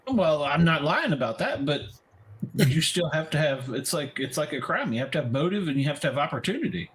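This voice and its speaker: A man co-hosting an unscripted podcast, trading crude jokes in casual banter. His voice is very husky and raspy, and it swings up and down with lively energy. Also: fairly high pitch, a little fast. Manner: crude, joking. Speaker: podcast co-host.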